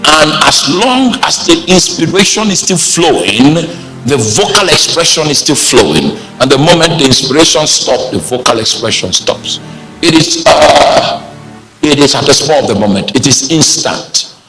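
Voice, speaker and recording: A pastor in his forties preaching a sermon, slow and emphatic, often stopping to ask the congregation if they are following. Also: on the high side, big pitch swings, bright, forceful tone, soft background music, rough recording. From Nigeria. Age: 40s.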